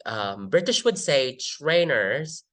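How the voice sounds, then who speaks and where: A Filipino-accented woman tutor takes her time, pausing often as she explains the differences between British and American English. She mixes English with Tagalog. Her pitch jumps when she models example words. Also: lively intonation, a bit bright. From Philippines. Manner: switches between English and Tagalog, slow and drawn out with many pauses. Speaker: IELTS tutor. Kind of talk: casual tutorial teaching.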